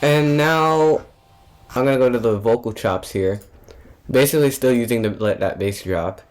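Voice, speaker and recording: A young man, a music producer, narrates a relaxed tutorial on building a track in a mid-range, slightly mellow voice at a moderate pace. He's loose and offhand, restarting often and using plenty of fillers, with slight background noise audible.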